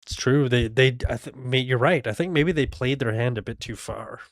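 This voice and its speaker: A man's voice: mid-range voice, normal speed, no room sound, studio quality. A man hosting a livestream, giving blunt, profane political commentary over a clip. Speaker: livestream host.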